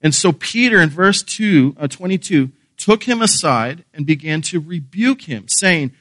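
Man preaching, unhurried delivery, slightly high voice, rhetorical questions. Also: lively intonation, a bit bright, no room sound. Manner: earnest preaching with rhetorical questions, emphatic repetition. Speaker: pastor. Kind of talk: sermon.

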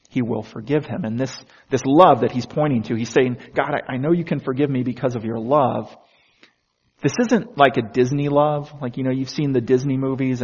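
Husky-voiced male pastor preaching casually. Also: medium pitch, darkish tone, lo-fi sound. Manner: conversational preaching, acts out biblical speakers in quoted asides. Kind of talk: sermon.

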